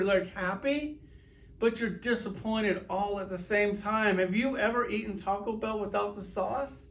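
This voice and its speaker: A man reviewing collectible action figures in a casual vlog, sarcastic and profane, spinning little stories with acted-out quotes. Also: high voice. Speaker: toy reviewer.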